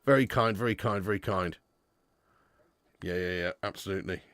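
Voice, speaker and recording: A man's voice: low voice, moderate pace, dry recording. A man hosting a live football watch-along, bantering with his chat and flaring into mock outrage at players. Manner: banter-heavy, shouts in mock outrage, reads out super chats. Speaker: football fan channel host.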